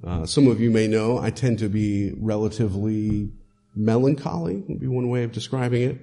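A man's voice: fairly low pitch, normal speed, vocal fry, mellow. A male pastor preaching a sermon, emphatic and conversational, with frequent "uh" fillers.

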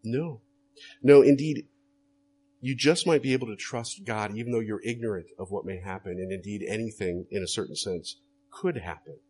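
A man's voice: lowish voice, normal speed, darkish tone, husky. A man preaching a sermon as a pastor, earnest and direct, often putting rhetorical questions to his listeners.

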